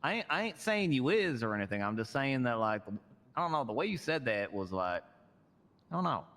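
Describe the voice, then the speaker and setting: A man's voice: mid-range voice, very animated, a little fast, a bit bright. Rambling, hedging man in long reverb. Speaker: roleplay tech worker. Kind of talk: in-character roleplay chat.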